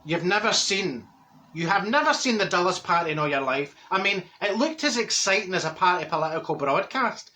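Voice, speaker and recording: A man's voice: sits high, lively intonation, fairly quick, sharp tone, a little hiss or hum. A man playing a blunt, gossipy middle-aged woman from Glasgow with a Glaswegian accent, telling comic stories to camera. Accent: Glaswegian Scottish. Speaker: comic character monologue.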